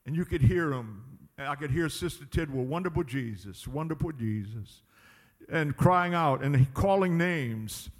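A man's voice: a little high, moderate pace, few pauses, long reverb tail. A man preaching a sermon as pastor, emphatic and drawing out his words. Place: church sanctuary.

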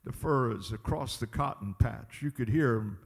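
A man's voice: medium pitch, moderate pace, vocal fry, slightly rough, long reverb tail. A man preaching a sermon as pastor, emphatic and drawing out his words. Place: church sanctuary.

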